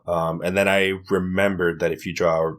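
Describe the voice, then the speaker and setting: A man's voice: low-pitched, level tone, moderate pace, a bit bright. A man co-hosting a casual gaming podcast, laid-back and chuckling often. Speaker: podcast co-host.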